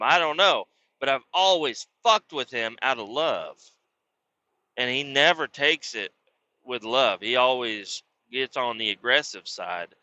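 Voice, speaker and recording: A podcast host with a medium-pitched, sharp voice rambles through a profane story in a casual monologue, slipping into quoted voices of the people involved. The recording is dry and the audio dull.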